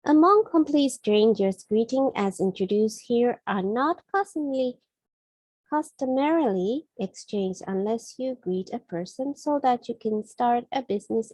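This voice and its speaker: A woman from Japan with a Japanese accent gives a language lesson in a mellow, slightly husky voice. She explains slowly and carefully, often correcting herself mid-phrase. The recording is dry and close. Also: on the high side, no room sound, poor audio. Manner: slow, careful explanations with frequent self-corrections. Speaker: Japanese teacher.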